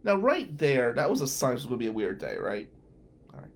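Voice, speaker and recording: A man's voice: medium pitch, huge pitch swings, a little fast, creaky. A middle-aged man hosting a radio show, telling a story casually, chatty and full of fillers.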